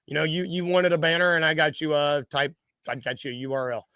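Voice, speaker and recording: A man's voice: a little high, quick pace, bright, forceful tone, smooth, no room sound, clean studio sound. A man co-hosting a casual sports podcast, playful and rambling, laughing easily. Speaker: podcast co-host.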